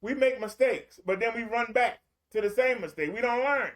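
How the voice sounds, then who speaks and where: A man's voice: very high voice, moderate pace. A man preaching a streamed sermon in a colloquial, repetitive storytelling way.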